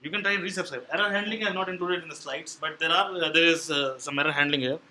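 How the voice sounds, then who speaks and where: Speaking fast in a fairly high, pushed and bright voice, a meetup presenter walks through Android programming step by step, stumbling over fillers and restarts. The live talk, with questions from the audience, takes place in a meeting room, and the poor audio carries slight background noise.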